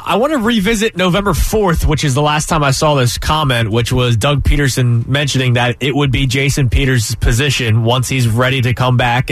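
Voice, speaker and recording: A man's voice: medium pitch, a bit bright, no room sound. A man co-hosting sports talk radio, putting direct questions to a guest.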